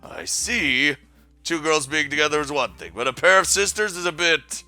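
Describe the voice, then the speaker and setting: A judgmental teenage girl classmate in a visual novel, sneering and snippy, as a man puts her on. Her voice is raised high with a bright edge, and faint music plays under her. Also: animated, normal speed.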